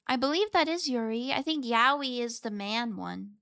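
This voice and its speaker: A woman's voice: on the high side, expressive, moderate pace, a bit bright, clear, resonant tone, dry recording, studio quality. A woman chatting casually on a live stream, reading and answering her chat in a playful, meowing way. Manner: playful, chatty, meows between chat replies.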